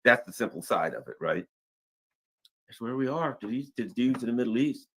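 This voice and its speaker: A middle-aged man giving casual, rambling political commentary in a slangy, animated way. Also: medium pitch, normal speed, slightly rough. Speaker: news commentary host.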